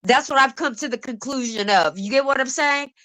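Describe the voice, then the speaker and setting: A woman's voice: sits high, brisk, bright, forceful tone. A woman co-hosting a livestream, talking emphatically, backing up her partner and repeating words. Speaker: livestream co-host. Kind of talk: heated livestream talk.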